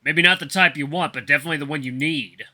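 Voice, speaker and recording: A man voicing a gruff, menacing male wolf butcher who snarls and scolds harshly. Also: fairly high pitch, quick pace, sharp tone. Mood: gruff lecturing.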